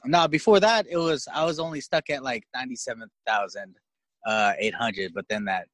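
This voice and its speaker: A man's voice: mid-range voice, moderate pace, a bit bright. A man in casual chat, joking around and laughing often.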